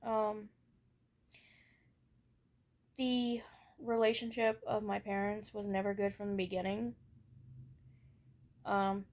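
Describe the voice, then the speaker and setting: Young woman, personal vlog storytelling, candid, rambling, frequent ums, mid pitch. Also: darkish tone. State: has hiccups. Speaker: vlogger.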